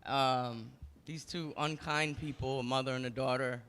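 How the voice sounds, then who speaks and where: A man's voice: mid-range voice, steady tone, moderate pace, fairly bright tone, clear, resonant tone. A man in casual chat, chuckling and adding jokey asides.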